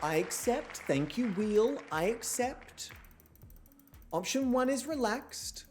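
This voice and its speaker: A man's voice: extremely high pitch, very animated, measured pace, darkish tone, faint music behind, some chatter behind. A young man hosting a model-show game, chatting casually in a campy, self-mocking way and swearing often. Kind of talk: casual gameplay commentary.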